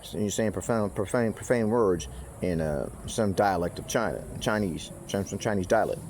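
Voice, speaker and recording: A man's voice: on the low side, normal speed, darkish tone, slight background noise. A man in a rambling, casual monologue who swears freely, circles back on himself and restarts his sentences. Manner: profane, meandering, with frequent restarts and asides.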